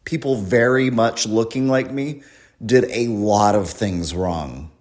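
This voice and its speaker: A man's voice: lowish voice, slow, a little mellow. A man performing a rambling, crude, self-deprecating stand-up comedy set at a live show.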